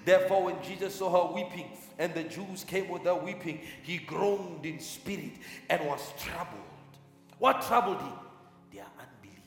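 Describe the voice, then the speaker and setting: A man with a high voice delivers a fervent sermon, repeating key lines and slipping into tongues. His voice rings through a large room with a long, echoing reverb. Faint music plays underneath. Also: moderate pace. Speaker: preacher. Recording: echoey hall with long reverb.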